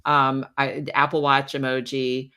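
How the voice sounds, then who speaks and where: Bright gravelly-voiced woman co-host. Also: rumbling low, little pitch movement, unhurried. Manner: friendly, laughs while talking. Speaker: podcast co-host. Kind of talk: casual chat.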